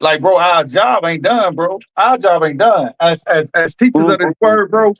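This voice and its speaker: A man's voice: sits high, normal speed, a bit bright, poor audio. A man urging listeners on in casual preaching talk, saying bro often, as a co-host teacher on a stream. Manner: urgent, exhorting, calls everyone bro.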